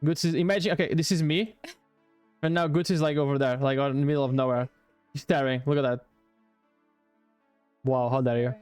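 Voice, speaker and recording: Man, high voice, live streamer, excitable, rambling, swears a lot, faint music behind. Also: quick pace, clean tone. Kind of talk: casual live-stream chat.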